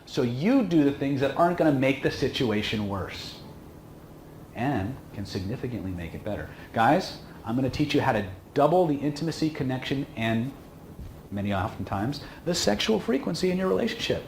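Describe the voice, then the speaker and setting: A man teaching a seminar in a casual, emphatic way, often pausing to check in with "okay?". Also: mid-range voice, very animated, darkish tone. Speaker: instructor. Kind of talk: seminar lecture. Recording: echoey room with faint hum.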